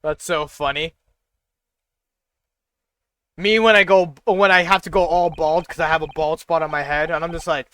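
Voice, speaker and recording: A man's voice: fairly high pitch, steady tone, moderate pace, pauses often, a bit bright, clear, resonant tone, no echo, studio quality. A man streaming a story game, chatting casually, laughing often and swearing as he reads lines aloud. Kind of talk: casual gaming commentary.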